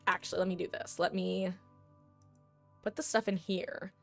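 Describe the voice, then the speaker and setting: A woman's voice: lowish voice, fairly even intonation, moderate pace, creaky, faint music behind. A woman streaming a video game, chatting casually with her viewers in a dramatic, talkative way as she plays. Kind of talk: casual gameplay commentary.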